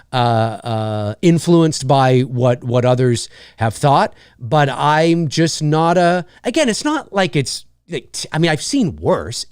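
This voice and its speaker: A man hosting his own live show, giving his opinion in an animated, loose way, restarting sentences and repeating phrases for emphasis. His voice sits high and swings widely in pitch. The sound is dry, with no room in it. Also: no room sound. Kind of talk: casual opinion talk.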